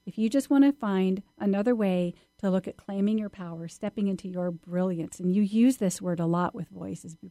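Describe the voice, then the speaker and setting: A woman's voice: medium pitch, moderate pace, hardly any pauses, mellow, no echo, studio quality. A woman hosting a podcast interview, asking questions and laughing along with her guest. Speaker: podcast host. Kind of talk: casual interview chat.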